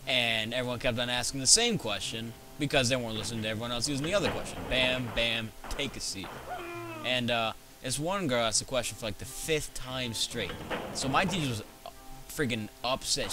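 A teenage boy hosting his own gaming video, joking and rambling through stories as he plays. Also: mid-range voice. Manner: goofy, joking, rambling storyteller. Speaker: gaming channel host. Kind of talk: gameplay commentary. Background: game music.

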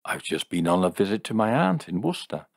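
A man voicing an eager, trusting woman in an audiobook story, awestruck and excited, with a low voice barely raised for her. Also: a little fast, gravelly, husky, dry recording, studio quality, exaggerated voice. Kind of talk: audiobook character voice.

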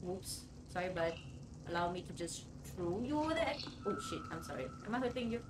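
A woman giving chatty, excitable let's-play commentary, swearing now and then and talking to the characters on screen. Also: fairly low pitch, a little fast, distant mic, noisy background. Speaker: gaming video creator.

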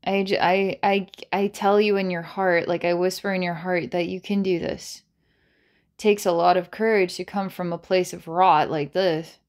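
A woman's voice: fairly low pitch, steady tone, normal speed. A woman giving a channelled psychic reading to camera. She rambles and repeats herself, restarts phrases, breaks into laughter, and switches between dramatic challenges and coaxing. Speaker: psychic reader.

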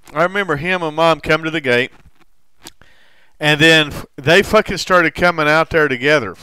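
A man in recovery telling a personal story in a halting way, with frequent restarts and heavy swearing. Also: medium pitch, bright, forceful tone, clean tone, dry recording. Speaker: recovering alcoholic sharing his story.

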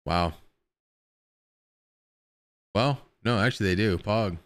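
A man's voice: on the low side, slow. A man streaming live, chatting casually with his viewers in a rambling way and swearing now and then.

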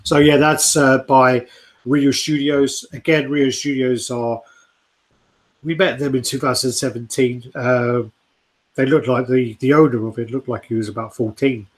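A man co-hosting a casual chat about collectible statues, relaxed, laughing and swearing easily. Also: medium pitch, a little slow.

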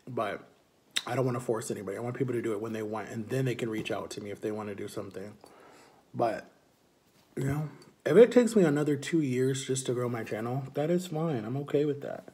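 A man's voice: medium pitch, lively intonation, fairly quick, a little mellow. A man chatting casually and upbeat in a vlog, filling his talk with "like". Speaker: vlogger.

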